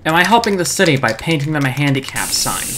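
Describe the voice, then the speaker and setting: A man's voice: on the high side, big pitch swings, quick pace, background noise. A man commentating a video game playthrough in a jokey, sarcastic way with sudden yelps. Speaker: let's-play gamer.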